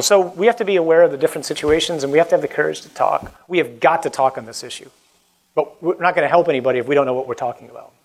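An earnest male priest preaching in a conversational way, informal and emphatic. His voice sits a little high for a man. He moves easily from plain talk into prayer. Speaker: Catholic priest.

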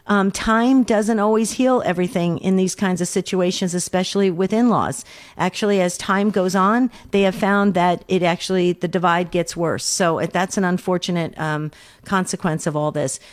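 A middle-aged woman co-hosting a call-in radio show, giving gentle, earnest advice and often repeating words as she thinks aloud. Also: on the low side, steady tone, normal speed. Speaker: radio show co-host and counselor.

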